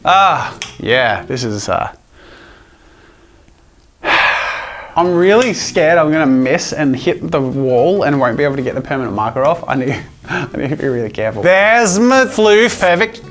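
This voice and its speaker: A man hosting a comedic art challenge vlog, joking with viewers in a self-mocking way and now and then shouting from excitement. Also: a little high, unhurried, long pauses. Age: adult. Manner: playful, self-mocking, jokey asides to viewers. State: physically tired from drawing with a long pole. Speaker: art YouTuber. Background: faint background music.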